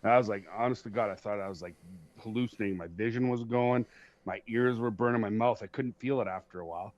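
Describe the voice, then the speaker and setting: A man hosting a podcast, telling stories in a casual, profane, animated way and laughing at himself. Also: fairly low pitch, fast. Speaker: podcast host. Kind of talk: casual storytelling chat. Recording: dull lo-fi sound.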